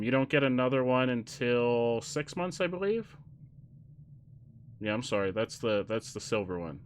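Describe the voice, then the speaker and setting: A man's voice: mid-range voice, slight background noise. A man chatting casually on a live stream, telling dad jokes, laughing often and correcting himself as he rambles. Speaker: game streamer.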